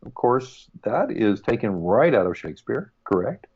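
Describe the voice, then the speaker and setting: A man's voice: mid-range voice, very animated, moderate pace, a little mellow, breathy edge, dull audio. A man co-hosting a casual podcast, chatty and joking with playful asides. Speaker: podcast co-host. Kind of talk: casual chat.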